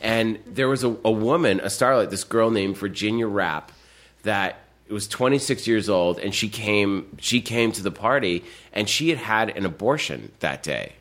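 A man, a guest filmmaker, telling rambling, animated anecdotes in casual chat, full of fillers and restarts. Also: lowish voice, normal speed.

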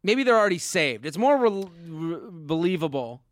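A man hosting a podcast, chatting casually and joking with quick asides. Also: on the high side, sing-song, no echo. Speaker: podcast host.

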